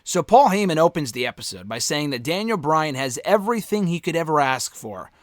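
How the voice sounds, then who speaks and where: Guy reviewing a wrestling show, kinda high voice, blunt and swears a lot, dry sound. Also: very animated, a little fast, no echo. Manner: candid, offhand, swears freely. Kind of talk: casual spoken review.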